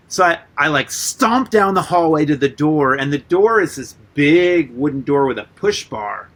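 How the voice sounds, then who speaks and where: A man guest on a radio interview, telling rambling stories in a loose, animated way, full of "like" and casual swearing. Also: medium pitch, moderate pace. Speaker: guest artist and musician.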